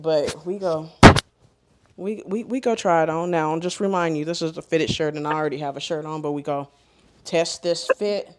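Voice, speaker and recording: A middle-aged woman hosting a live sewing stream, telling stories in animated, colloquial casual chat and laughing often. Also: low voice, a little hiss or hum.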